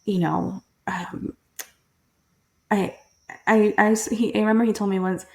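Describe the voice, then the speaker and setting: A woman's voice: mid-range voice, measured pace, creaky, pauses often. A young woman telling her story as a podcast guest, earnest and candid, often restarting sentences and acting out family members as she quotes them. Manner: earnest, frequent restarts and "like", quoting family in lively voices.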